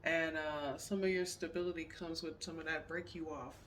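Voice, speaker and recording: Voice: mid-range voice, fairly even intonation, moderate pace, a bit bright, distant mic, slight background noise. A tarot reader giving a casual pick-a-card reading, emphatic and repetitive. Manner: repetitive, emphatic, says "period" often.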